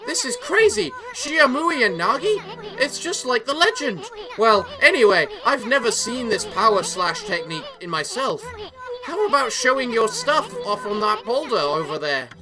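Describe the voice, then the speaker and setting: A woman voicing a brash, cheeky little male companion who teases and gets excited. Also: on the high side, normal speed. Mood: cocky. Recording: game music behind.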